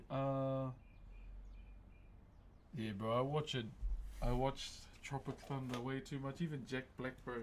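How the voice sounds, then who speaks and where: A man's voice: mid-range voice, flat delivery, measured pace, long pauses, a little hiss or hum. A young man chatting casually on a live stream, laid-back and slangy, laughing often.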